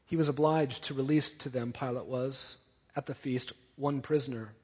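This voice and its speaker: A man's voice: mid-range voice, steady tone, normal speed, a little mellow, husky. A man preaching an expository sermon, emphatic, and building his points through repetition. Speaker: pastor. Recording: dull, echoey church hall.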